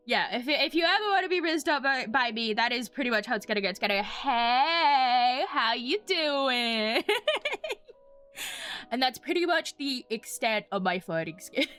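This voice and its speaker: A woman's voice: on the high side, animated, a little fast, pushed and bright, soft background music. A woman streaming a story game, giggly and self-mocking, reading the narration aloud and chatting.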